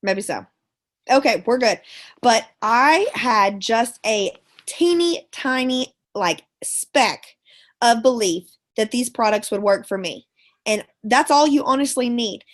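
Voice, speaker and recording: Chatty, higher-voiced woman giving a pep talk. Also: expressive, takes it slowly. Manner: chatty and folksy, calls listeners girlfriend and y'all; emphatic, repeats words for effect. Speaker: wellness product sales ambassador and schoolteacher. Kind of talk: live motivational pep talk. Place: live online call from home.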